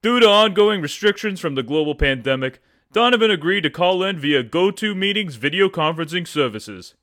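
A man's voice: high-pitched, lively intonation, a little fast, fairly bright tone. Man reading a story in a put-on New Jersey accent. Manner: dramatic storytelling reader. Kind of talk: reading a comic story aloud.

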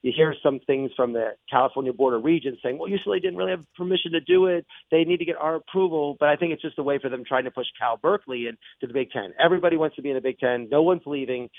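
A man hosting sports radio talk, excitable and rambling as he makes his points. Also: on the high side, no room sound. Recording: tinny phone-like broadcast audio.

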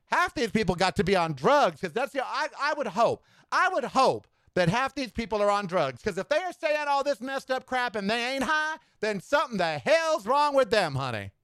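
A man's voice: very high voice, big pitch swings, normal speed, few pauses, fairly bright tone, clear, resonant tone, no room sound, studio quality. A man hosting his own podcast, delivering sassy, campy political commentary and calling listeners "honey.". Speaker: podcast host. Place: Southwest US home studio.

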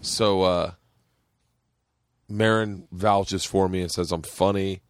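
Guy hosting a podcast, lowish voice, rambly excitable storyteller, dry close mic. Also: slow pace, dry recording. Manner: rambling, excitable storyteller who laughs a lot. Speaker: podcast host. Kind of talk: casual chat.

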